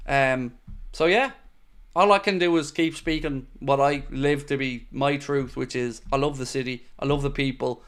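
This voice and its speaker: A young Irish man hosting a live football fan stream, chatting casually and reading comments with animated, playfully defiant energy. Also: mid-range voice, moderate pace, clear, resonant tone. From Ireland. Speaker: fan channel host reading live chat.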